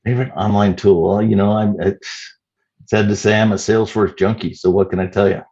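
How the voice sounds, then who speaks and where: A man in his fifties, a startup CEO answering interview questions in a measured way with many "you know" fillers. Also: on the low side, fairly even intonation, mellow, lo-fi sound. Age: 50s.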